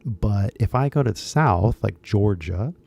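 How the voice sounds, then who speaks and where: A man's voice: on the low side, expressive, unhurried, gravelly, darkish tone. A man with a Californian accent, talking bluntly and rambling to viewers of his English-teaching channel, mixing in some Japanese. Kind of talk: casual talk to viewers.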